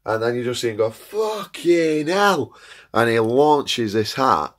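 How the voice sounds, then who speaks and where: A young man telling a casual storytime anecdote, animated, acting out his friends' lines and laughing at his own tale. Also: medium pitch, moderate pace.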